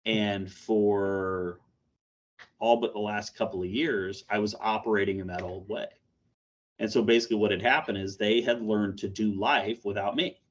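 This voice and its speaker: A man in his forties, a corrections officer, telling a candid personal story in a plainspoken, halting way in a support meeting over a video call. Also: lowish voice, fairly even intonation. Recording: dull lo-fi video call audio.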